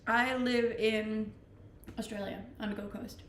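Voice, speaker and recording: Speaking unhurriedly in a steady, rather high voice, a young Scandinavian-accented woman streams from the Gold Coast in Australia, reading viewer messages and laughing often in playful, casual chat. Her native language is Scandinavian. The room is echoey and there's slight background noise.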